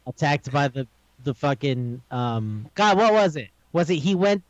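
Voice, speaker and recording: A man on a podcast casually recapping an anime episode, animated and swearing a lot, acting out the characters' lines. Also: a little high, a little slow, highs cut off. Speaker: podcast co-host.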